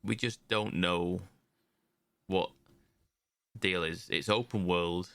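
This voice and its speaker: A man's voice: low-pitched, fairly even intonation, slow, fairly bright tone, smooth, no echo, clean studio sound. A man co-hosting a gaming podcast, hesitant and trailing off in half-finished sentences. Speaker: podcast co-host. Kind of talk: casual chat about video games.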